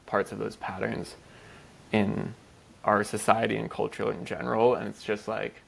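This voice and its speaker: Co-hosting a podcast, a man rambles in an easygoing chat with a low, gravelly voice full of vocal fry. His delivery is completely flat and moderately paced, and he swears casually while filling gaps with lots of "like."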